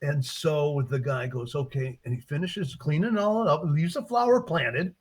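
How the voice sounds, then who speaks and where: A man, a book author in a casual interview, retelling his short stories with lively acted-out character lines. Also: fairly high pitch, normal speed, slightly rough. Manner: animated storyteller, acts out characters' lines.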